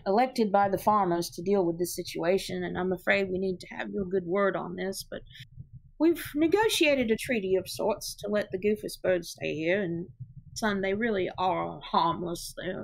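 A soft-spoken, earnest mother, voiced by a woman game master in a tabletop game. She talks gently and hesitantly, pausing to find her words. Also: medium pitch, vocal fry.

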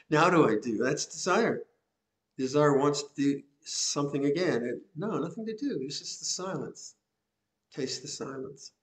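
An older man, a Buddhist monk, giving a gentle, reflective Dhamma talk with soft laughs and repeated phrases. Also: a little high, expressive, measured pace. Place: monastery hall.

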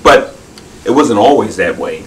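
Slow, lively male storyteller. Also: mid-range voice, recorded from a distance, slight background noise, low-quality recording. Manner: unhurried, with leisurely drawn-out phrasing. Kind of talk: reading a children's story aloud.

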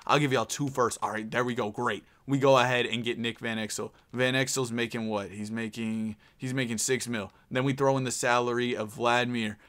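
Excitable bright-voiced gaming commentator man. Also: mid-range voice, clear, resonant tone. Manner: excitable, exclaiming and stammering, swings from grumbling to yelling. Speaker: gaming YouTuber. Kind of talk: video game commentary.

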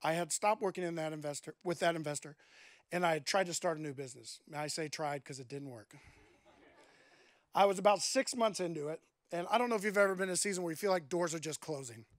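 A man's voice: on the high side, fast talker, dry recording. A man preaching a sermon, telling a personal story in a conversational way and acting out his own thoughts. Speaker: guest preacher.

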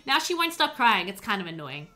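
A woman hosting a casual let's play, chatting excitably to her game characters as she plays. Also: mid-range voice, brisk. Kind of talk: casual gameplay commentary.

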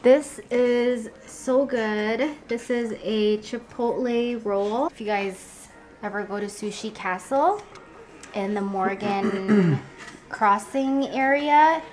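A woman's voice: on the high side, takes it slowly, a little mellow. A young woman, a mother, chatting casually in a family vlog, telling stories and acting out quotes at home. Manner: chatty storytelling, acts out quotes. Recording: noisy background.

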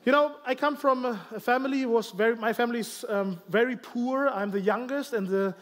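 A man from Germany with a German accent, a guest pastor preaching in halting English with self-deprecating humor and many restarts. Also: extremely high pitch. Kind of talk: sermon with personal stories. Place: church sanctuary.

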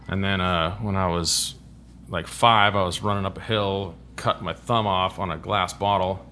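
A man's voice: deep voice, fairly even intonation, measured pace, pushed and bright, slight background noise. A man, telling profane, rambling stories on a casual podcast. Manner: profane, rambling anecdotes with acted-out quotes. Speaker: guest, stunt biker.

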